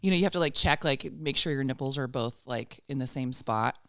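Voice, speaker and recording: A woman's voice: a bass voice, a little fast, fairly bright tone, smooth, dry recording, studio quality. A woman co-hosting a podcast, chatting casually in a rambling, self-deprecating way and laughing often. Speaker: podcast co-host.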